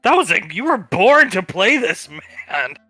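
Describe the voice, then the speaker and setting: A brash, foul-mouthed film director who loudly cheers the cast on, as a man plays him. His voice is bright, with faint music under it. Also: high-pitched, big pitch swings, unhurried, no room sound, pitched above the performer's own voice, exaggerated voice. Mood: rowdy. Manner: loud, swearing, theatrical praise.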